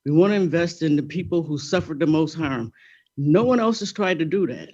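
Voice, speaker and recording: Confident legislator giving a folksy public speech. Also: male voice, on the high side, lively intonation, fairly quick, darkish tone, muffled recording. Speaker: state legislator speaking at a public meeting.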